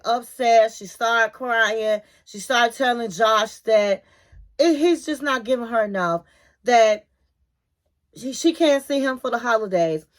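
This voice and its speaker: A woman hosting her own channel, recapping reality TV in a chatty, folksy storytelling way. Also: fairly high pitch. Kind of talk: casual gossip recap.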